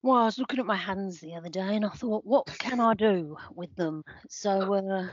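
Someone voicing an odd, dry male stats guru, delivering deadpan one-liners on a comedy podcast. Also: mid-range voice, moderate pace, close to an everyday voice. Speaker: regular segment judge. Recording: slightly dull lo-fi sound.

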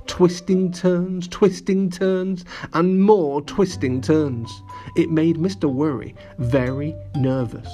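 A man reading a children's story aloud and chatting warmly to the boys and girls listening, with lots of animated emphasis. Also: medium pitch. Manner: lively, addressing children directly.

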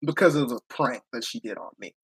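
A young man hosting a casual podcast, telling a story in an excitable, rambling way with frequent laughs. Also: mid-range voice, brisk, breathy edge, low-quality recording. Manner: excitable, laughs often, rambling with many restarts. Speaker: podcast host.

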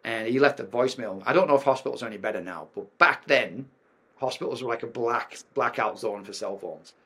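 A man's voice: mid-range voice, a little fast, pushed and bright, breathy edge. A middle-aged man with an English accent, a podcast guest telling a personal story frankly, with frequent ums and restarts. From England. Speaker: podcast guest, performance coach.

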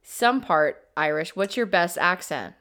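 A woman's voice: fairly low pitch, expressive, a little slow, a bit bright. A young American woman co-hosting a casual podcast, upbeat and steering the talk, sometimes reading facts aloud. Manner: upbeat, guides the conversation, reads facts aloud. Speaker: podcast co-host. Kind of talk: casual chat.

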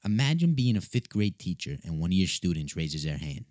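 Deep-voiced man telling a story. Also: big pitch swings, brisk, a little mellow, dry recording, studio quality. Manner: loose and profane, with many filler "like"s. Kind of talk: casual comedic storytelling.

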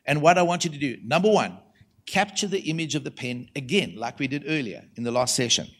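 A man with a South African accent preaching a conference sermon, chatty and lively, dropping to a hush and then rising loud as he calls out to the audience. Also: mid-range voice, brisk. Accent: South African English. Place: conference hall before an audience.

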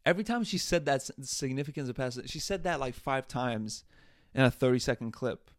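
A man's voice: mid-range voice, lively intonation, a little fast, dry recording. A man hosting a podcast, delivering comedic commentary in an exasperated, profane rant. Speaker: podcast host.

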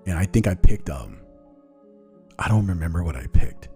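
A man's voice: sits low, animated, normal speed, mellow, soft background music. A man hosting a casual podcast interview, telling loose stories and acting out the quotes in them. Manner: loose, storytelling, acts out quotes. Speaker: podcast host.

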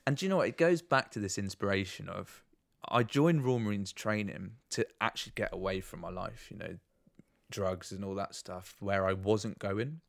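Brief: young male guest, lowish voice, lively casual storyteller, dry close mic. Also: moderate pace, creaky, dry recording. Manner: animated, swears freely, acts out quotes. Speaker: podcast guest.

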